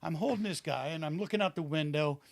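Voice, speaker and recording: Man, 50s, retired wrestler, casual podcast storyteller; a touch high-pitched, dry close mic. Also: fast, creaky, no room sound. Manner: rambling anecdotes with acted-out quotes.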